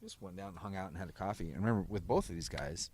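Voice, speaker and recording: A man's voice: deep voice, racing, darkish tone. A man hosting a podcast in casual conversation, swearing freely and restarting sentences. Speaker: podcast host.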